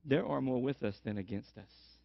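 A man voicing a calm, groggy old prophet who is nonchalant and unbothered. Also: mid-range voice, normal speed, creaky, dry recording. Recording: dull lo-fi sermon recording.

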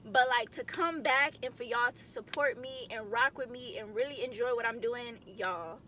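A woman's voice: fairly high pitch, normal speed, sharp tone, a little hiss or hum. Chatty young woman vlogging from a car. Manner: chatty, upbeat, slangy. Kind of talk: casual chat to camera. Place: in a car, driving.

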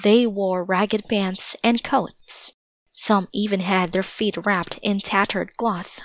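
Woman reading a kids' story, slow and steady, dry dull lo-fi sound. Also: medium pitch, no room sound. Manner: steady, measured narration. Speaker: storybook reader. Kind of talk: children's book read-aloud. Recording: dull lo-fi recording.

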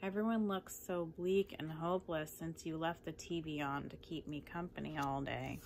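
A woman reciting comic poems in a deadpan, measured way. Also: sits low, creaky, slight background noise. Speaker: poetry reader.

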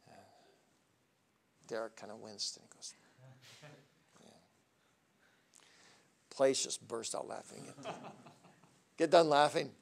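A man lecturing at a seminary, telling stories animatedly and swinging between soft asides and loud, emphatic points. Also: mid-range voice, takes it slowly, vocal fry, long pauses, a little hiss or hum. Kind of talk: classroom lecture.

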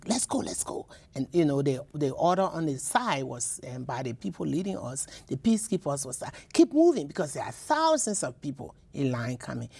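A woman's voice: low-pitched, vocal fry, darkish tone, husky. A woman from Liberia, a poet and professor, telling personal stories in a radio interview, with many repeats and restarts. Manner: emotional, repeats words, restarts often.

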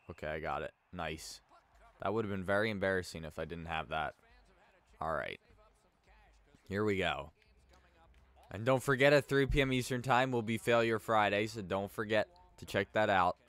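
A young man playing a hockey game for his YouTube channel rambles through anecdotes, saying "like" constantly and snapping in frustration whenever he slips up. He has a low voice with a fairly bright tone, and the commentary is casual.

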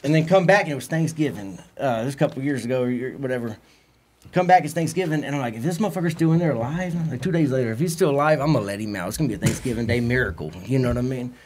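A man's voice: medium pitch, animated, rapid-fire, a little mellow, slight background noise. A man with a Texan accent telling a rambling, profane story on a podcast, acting out what others said. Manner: profane, rambling anecdotes with acted-out quotes. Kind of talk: casual storytelling.

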